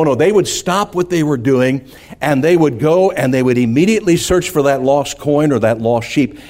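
A man's voice: mid-range voice, a little mellow. A man preaching a sermon, telling a folksy childhood farm story and asking the congregation "amen?".

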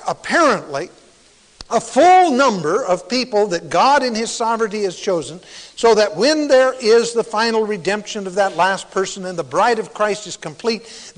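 A man preaching a sermon to a congregation, emphatic, with sudden quiet, near-whispered asides for stress. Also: high-pitched, big-room sound, poor audio.

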